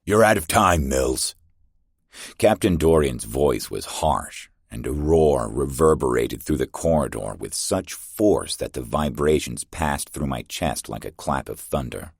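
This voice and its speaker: A man reads a first-person science fiction audiobook in a steady, terse manner. His voice is extremely deep with a husky edge. The recording is close and dry. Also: measured pace, few pauses, no echo. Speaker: narrator.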